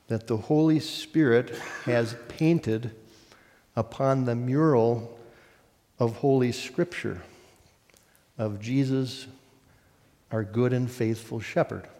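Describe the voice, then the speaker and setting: A man preaching a sermon as a pastor, reading scripture in a measured, solemn way with deliberate pauses. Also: mid-range voice, darkish tone, big-room sound.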